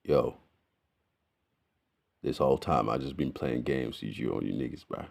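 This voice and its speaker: A man putting on a brash young man with an Atlanta accent, talking slow and swaggering. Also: very deep voice, vocal fry, a little mellow, pitched below the performer's own voice, heavily acted. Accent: Southern US, Atlanta.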